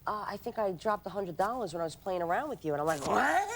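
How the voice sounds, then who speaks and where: A woman in her thirties, a talk show guest, telling a story in casual chat, animated and acting out the people in it. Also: fairly low pitch, fast, noisy background. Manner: animated storyteller, acts out voices, yells playfully.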